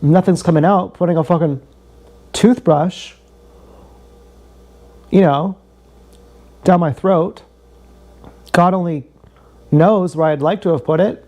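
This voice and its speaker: Young male streamer, mellow tone, a touch high, meandering and profane, jokey story delivery. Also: takes it slowly, long pauses. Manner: meandering, profane, joking, repeats himself. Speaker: livestreamer. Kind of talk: rambling livestream storytelling.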